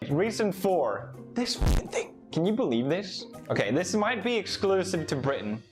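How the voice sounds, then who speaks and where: High-pitched man ranting with animated sarcasm. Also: normal speed, over music. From Europe. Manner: exaggerated, sarcastic and swearing. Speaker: comedy YouTuber. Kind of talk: comedic rant clip.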